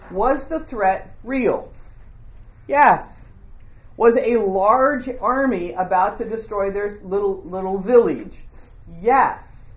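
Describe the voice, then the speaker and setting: A woman teaching a Bible lesson to a group, telling the story in an informal, animated way and asking the group questions. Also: medium pitch, reverberant.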